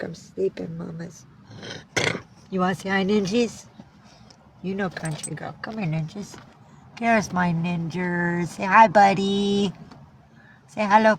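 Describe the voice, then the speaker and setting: A woman's voice: mid-range voice, gravelly, slight background noise, rough recording. A woman on a casual livestream, cooing baby talk to her cats.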